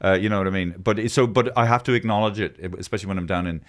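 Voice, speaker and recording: A man's voice: fairly low pitch, rapid-fire. A man with a Dublin accent hosting a podcast, talking in a casual chat, profane and mocking. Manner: profane, mocking, slips into put-on voices. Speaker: podcast host.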